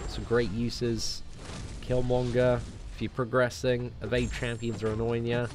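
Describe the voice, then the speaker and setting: A young British man casually answering viewer questions on a game live stream, relaxed and chatty, often tagging sentences with "man.". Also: medium pitch, unhurried, noisy background.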